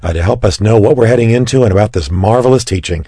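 A male radio host with a scratchy, hoarse voice, welcoming listeners and introducing his guest. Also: fairly low pitch, quick pace, dark tone, no echo, studio quality.

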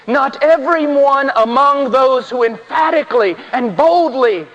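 A man preaching an impassioned sermon, swinging from hushed, solemn passages to ringing, shouted emphasis. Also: very high-pitched, animated, a little slow. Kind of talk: fiery sermon. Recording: dull sound in a reverberant church hall.

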